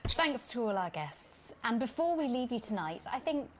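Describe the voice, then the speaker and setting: A crude geordie tv host lady, chirpy presenter patter, kinda high voice, quiet game audio from far off. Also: big pitch swings, moderate pace. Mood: presenting. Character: female TV talk show host, brash and crude.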